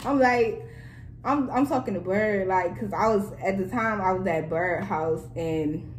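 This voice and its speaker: A young woman vlogger retelling a story in a casual, animated and profane way. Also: medium pitch, unhurried, echoey room, a little hiss or hum, rough recording. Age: young adult. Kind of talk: storytime vlog, casual chat.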